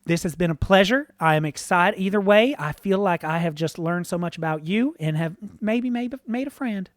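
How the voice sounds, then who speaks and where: A man voicing a cheerful woman potion brewer, chatting warmly with a rival. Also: high-pitched, normal speed, no echo, natural voice. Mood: fond.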